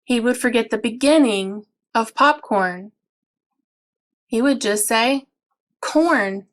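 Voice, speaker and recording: A woman teacher explaining early reading games for parents in an instructional video, patient and clear, drawing out example words. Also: on the high side, slow.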